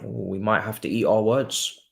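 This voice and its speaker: A man hosting a live football watchalong stream, chatting casually and breaking into excited cheers. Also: fairly low pitch, normal speed, gravelly, a little hiss or hum. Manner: excitable, jumps from calm chat to loud cheering. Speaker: livestream watchalong host.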